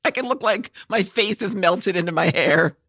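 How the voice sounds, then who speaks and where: A woman's voice: mid-range voice, normal speed, a bit bright, no echo, studio quality. A woman putting on a mock Scottish brogue to voice a laid-back new dad. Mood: joking. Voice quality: playful, exaggerated brogue.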